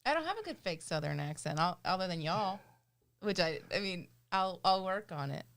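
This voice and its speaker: A woman's voice: on the low side, big pitch swings, moderate pace, fairly bright tone. A woman from Maine co-hosting a casual live-stream chat, chatty and giggly. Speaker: co-host.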